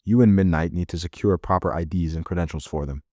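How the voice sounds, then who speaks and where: Guy doing a stern secret-society boss, really deep voice, curt and bossy. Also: fast, a little mellow, no room sound. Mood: commanding. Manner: curt, commanding. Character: stern commanding male secret-society leader. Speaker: student reader. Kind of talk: amateur story reading.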